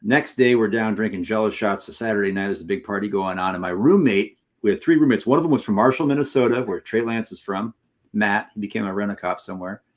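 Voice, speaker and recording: A middle-aged man, a high school teacher, telling a long, animated anecdote in casual chat with restarts and loud bursts. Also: fast talker. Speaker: podcast co-host. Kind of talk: casual storytelling on a sports stream.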